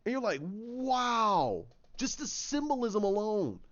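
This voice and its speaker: A man with a fairly high voice walks through an imagined story scene by scene, tripping over restarts and dropping in sound effects as he goes. His retelling is casual and animated. The recording sounds dull and lo-fi. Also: moderate pace. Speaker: channel host.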